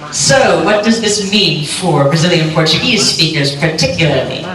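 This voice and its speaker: A woman giving a clear, lightly joking talk on pronunciation to a live audience at a conference. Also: low-pitched, expressive, moderate pace, a bit bright. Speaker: conference speaker on pronunciation teaching. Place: lecture hall. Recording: echoey hall, distant mic, faint hum.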